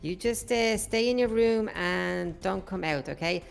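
A woman voicing a sly, scheming male ink demon in a Minecraft role-play, coaxing and sinister. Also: unhurried. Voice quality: gravelly low voice.

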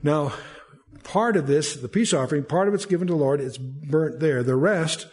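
A man's voice: on the high side, moderate pace, darkish tone. A man teaching a verse-by-verse Bible study, reading scripture aloud and then explaining it in a conversational way with frequent restarts.

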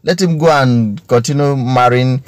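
A man's voice: mid-range voice, a little slow, dry recording. A man with a Nigerian English accent, speaking to his viewers in an earnest, preachy monologue on current affairs, stretching out key phrases and repeating his points. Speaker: social commentator addressing his viewers.

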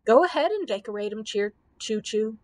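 A woman's voice: fairly high pitch, animated, moderate pace, lightly acted. The Scarecrow, as a woman reads him. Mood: cheerful. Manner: exclaiming, indignant. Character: fussy, squeamish male scarecrow made of straw.

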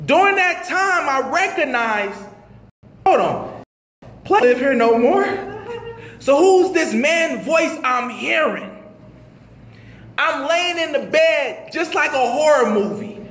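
A man giving a testimony sermon at a mosque, telling his story with animated, slangy storytelling. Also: very high-pitched, slow pace, long pauses. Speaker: minister. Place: mosque hall. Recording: echoey hall with long reverb.

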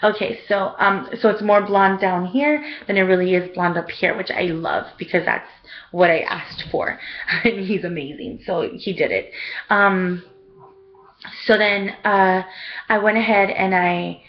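A woman's voice: medium pitch, unhurried, lo-fi sound. A young woman casually telling a rambling story for her vlog, full of "like" and "um". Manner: chatty, rambling, lots of "like" and "um". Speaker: vlogger.

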